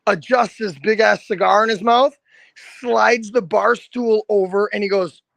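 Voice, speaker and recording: High, gravelly-voiced rock singer telling stories. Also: male voice, unhurried, no room sound. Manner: animated, swears freely, says "dude" often. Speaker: rock band lead singer, podcast guest. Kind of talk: casual storytelling.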